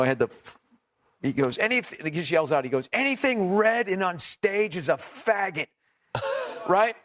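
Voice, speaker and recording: Profane, animated man telling stories. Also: fairly high pitch, a little hiss or hum. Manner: profane, animated storyteller, laughs at his own stories. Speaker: comedian guest. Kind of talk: storytelling in casual podcast chat.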